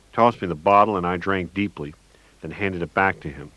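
Deep-voiced man reading a first-person audiobook. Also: brisk, fairly bright tone, dry recording, poor audio. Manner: wry, with bursts of manic dialogue. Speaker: audiobook narrator.

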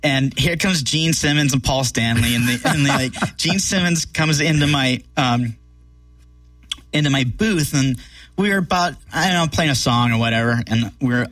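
A man's voice: mid-range voice, a bit bright, no echo, distant mic. A man telling a long story in casual chat, rambling with many fillers and swearing freely.

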